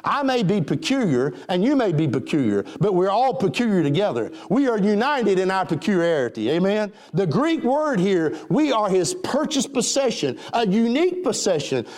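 A man's voice: sits high, big pitch swings, normal speed, few pauses, a little mellow. A man preaching an emphatic sermon and calling for amens.

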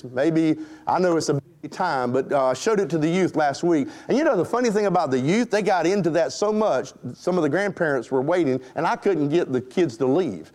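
A man's voice: a little high, a little mellow. A man preaching a sermon to his congregation, emphatic and rhetorical, addressing them directly. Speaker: pastor.

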